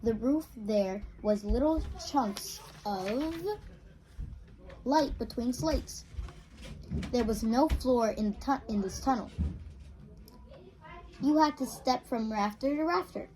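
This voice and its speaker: A woman reading a children's novel aloud, halting often and repeating words as she goes. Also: on the high side, darkish tone, low-quality recording. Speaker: reader.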